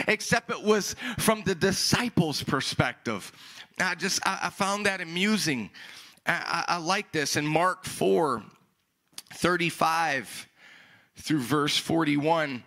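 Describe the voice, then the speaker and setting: Male pastor, sermon; bright, fairly high voice, repeats himself, bursts into shouts. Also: a little slow. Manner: animated, repeats words, breaks into shouts.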